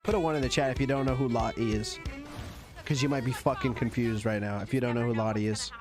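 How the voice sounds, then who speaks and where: A man's voice: medium pitch, fairly even intonation, fast talker. A man streaming live, chatting casually and profanely with his viewers. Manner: joking, profane, addresses chat. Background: stream audio and music.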